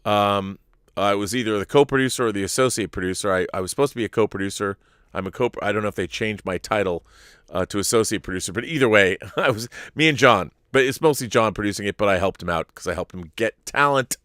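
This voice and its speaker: A man's voice: lowish voice, fast, a bit bright, clean tone, no room sound, clean studio sound. A man hosting a live-streamed talk show, chatting casually to viewers in a rambling, stop-start way at a desk mic.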